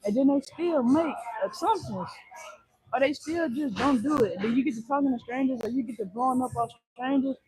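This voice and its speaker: A man's voice: extremely high pitch, a little fast, a little mellow, slightly rough, poor audio. A man hosting a livestream, chatting casually in a rambling way and repeating his phrases. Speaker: livestream host.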